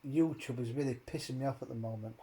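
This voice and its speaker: A man's voice: medium pitch, fast talker, warm tone. A man hosting a casual chat, rambling and swearing as he rants with many fillers. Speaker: host.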